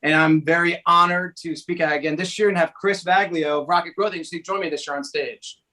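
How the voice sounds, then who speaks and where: A man from New Jersey talking as a guest on a talk show in an energetic, chatty way. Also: on the high side, fairly quick. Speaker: guest speaker. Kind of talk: conversational interview talk.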